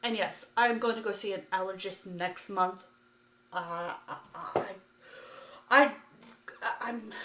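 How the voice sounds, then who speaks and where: Woman venting to her vlog cam, mid-pitch voice, lots of "like", roomy echo around her. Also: a bit bright, slight background noise. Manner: exasperated, ranting retelling with many "like" fillers. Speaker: vlogger. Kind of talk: casual storytelling to camera. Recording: echoey room.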